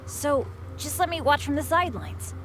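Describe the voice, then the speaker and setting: A woman's voice: high voice, big pitch swings, normal speed, background noise. A woman voicing a cheerful, self-deprecating teenage boy adventurer in a video game, eager and bouncy. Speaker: game character. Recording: game audio with loud background music.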